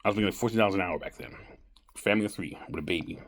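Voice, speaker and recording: A man's voice: sits low, rapid-fire, fairly bright tone. A man giving rambling casual political commentary straight to camera, calling his viewers folks. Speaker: vlogger.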